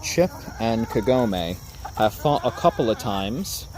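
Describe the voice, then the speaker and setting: Man from Japan, unhurried, lively pitch, backyard phone recording, noisy outdoor background with chickens and insects. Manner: talks softly to his chickens in a coaxing sing-song. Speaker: chicken keeper livestreaming. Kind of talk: casual live-stream chat. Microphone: phone camera. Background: chickens clucking, insects chirping.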